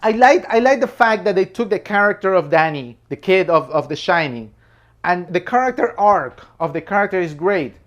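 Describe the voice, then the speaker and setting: A man's voice: high voice, lively intonation, moderate pace. Emphatic man reviewing a movie. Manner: emphatic, apologetic asides, repeats phrases, laughs between points. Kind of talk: casual opinionated film commentary.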